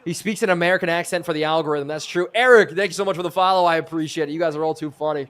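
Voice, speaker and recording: A man's voice: a little high, racing, fairly bright tone. A man live-streaming a football video game, calling plays in a sportscaster style and chatting with viewers. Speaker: streamer and host.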